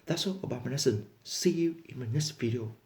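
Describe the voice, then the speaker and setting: Earnest male English teacher, Vietnamese first language, average pitch, reads both parts of practice dialogues. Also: animated, brisk, background noise. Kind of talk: motivational lesson and dialogue reading.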